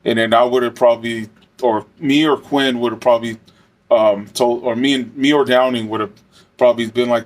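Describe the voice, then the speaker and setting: A man's voice: medium pitch, normal speed. Man telling a rambling, profane story. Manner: rambling, profane, many fillers. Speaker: former correctional officer. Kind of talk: casual storytelling.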